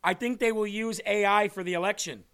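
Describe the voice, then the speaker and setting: Fiery political commentary comes from a man hosting his own livestream, his high voice bright, sharp and smooth. He keeps a steady tone at a brisk pace while ranting combatively through each point.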